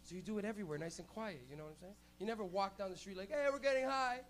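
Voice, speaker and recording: A man's voice: high-pitched, rapid-fire. Rowdy young man on a comedy stage. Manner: loose, rowdy, swears a lot, acts out quotes. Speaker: stand-up comedian and host. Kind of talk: stand-up comedy set. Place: small club stage with a live audience.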